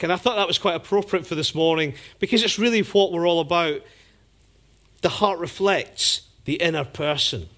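A man delivers a sermon in a fairly high voice. He tells his stories vividly and slips into different voices to act out each scene. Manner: storytelling, acting out scenes with lively voices. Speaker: preacher.

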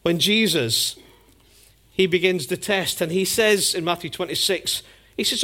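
A man's voice: high-pitched, a little slow, sharp tone. A man preaching a sermon, telling stories and acting out scenes in different voices.

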